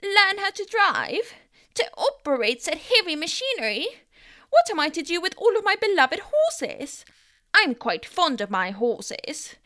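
A woman's voice: extremely high pitch, sing-song, a little slow, hardly any pauses, pushed and bright, no room sound, studio quality, pitched above the performer's own voice, exaggerated voice. A woman voicing an indignant old-timey horse breeder in a quaint mock-old-fashioned accent, fussy and plaintive. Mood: aggrieved.

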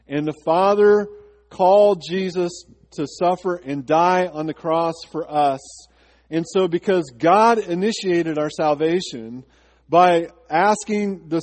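A man's voice: high voice, darkish tone, big-room sound. A man pastor preaching a sermon to his congregation, asking rhetorical questions and slipping into a chatty personal story. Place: church sanctuary.

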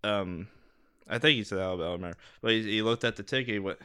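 Young man, podcast co-host, bright tense voice, rambling, laughing, casual chat. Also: lowish voice, racing, clear, resonant tone.

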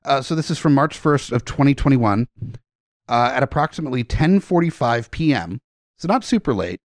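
A man's voice: mid-range voice, animated, normal speed, dry recording, studio quality. Man co-hosting a joking podcast chat. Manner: joking, reads a news story aloud with asides. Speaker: podcast co-host.

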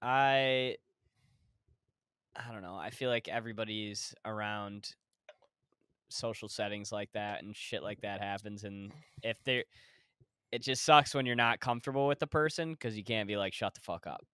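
A young man co-hosting a casual podcast, laid-back and quick to react. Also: fairly low pitch, steady tone, fairly bright tone, clear, resonant tone, no echo, clean studio sound. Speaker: podcast co-host. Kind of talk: casual chat.

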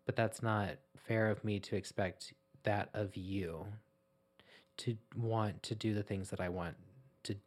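A man co-hosting a podcast in casual chat, playful and quick to poke fun at himself. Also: on the low side, fairly even intonation. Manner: playful, self-mocking jokes. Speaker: podcast co-host.

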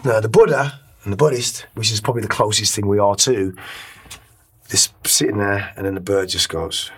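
A man being interviewed as a guest, speaking candidly and reflectively, often halting and repeating words. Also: on the low side, fairly even intonation, a bit bright, breathy edge.

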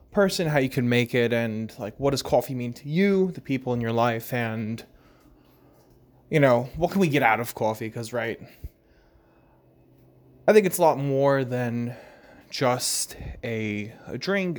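A young man with a strong Long Island New York accent talks through a casual solo podcast. His delivery is loose and conversational, with lots of filler words and tag questions. His pitch sits in an ordinary middle range for a man. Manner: relaxed and chatty, with many "uh", "you know" and "right?". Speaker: podcast host.

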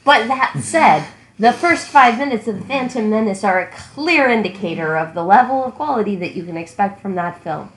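Animated ranting woman in an echoey room. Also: mid-range voice, normal speed, a little hiss or hum. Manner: animated ranting, acting out her younger self. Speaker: podcast co-host. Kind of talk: casual book discussion.

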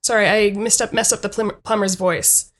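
A woman's voice: mid-range voice, fairly even intonation, moderate pace, a bit bright. A young adult woman narrating a comedy tabletop game as game master, hesitant with many ums. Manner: hesitant, lots of ums, laughs easily.

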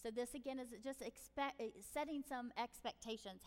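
A woman's voice: on the high side, normal speed, big-room sound. A middle-aged woman hosting a parenting talk, chatty and direct, often acting out what parents and kids might say. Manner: chatty, direct, acts out parent and child lines. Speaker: parenting podcast host. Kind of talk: casual advice talk.

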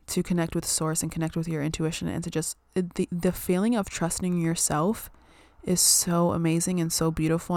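A woman's voice: fairly low pitch, darkish tone, no room sound, studio quality. A young woman chatting casually about spirituality and self-care, full of "like" and "um" and casual swearing.

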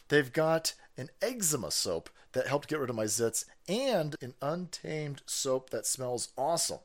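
Animated, foul-mouthed male streamer. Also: medium pitch, a little slow. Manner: profane, laughing, reads viewer messages aloud; animated, jumps into loud voices for stories. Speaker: live stream host. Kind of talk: casual rambling stream chat.

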